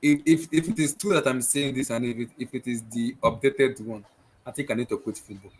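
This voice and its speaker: Excitable man hosting football chat. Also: mid-range voice, brisk, husky. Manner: excitable, repeats himself. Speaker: podcast host.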